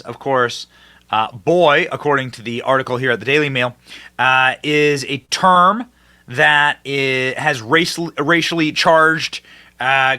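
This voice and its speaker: A man's voice: mid-range voice, pushed and bright. A man hosting a political commentary podcast, speaking sarcastically and mockingly, jumping between emphatic points and muttered asides.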